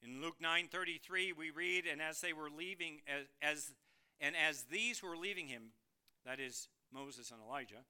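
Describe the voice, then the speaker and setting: High, bright-voiced preaching man. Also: normal speed, clean tone. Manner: animated preaching, asks the congregation questions. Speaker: pastor. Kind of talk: sermon.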